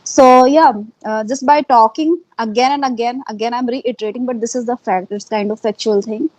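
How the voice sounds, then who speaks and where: A woman with an Indian accent speaks earnestly in a casual conversation, her voice sitting a little high. She repeats herself and fills pauses with "uh" and "like." The sound is dry and close, with no room echo. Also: steady tone, a little mellow. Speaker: interviewee, English learner.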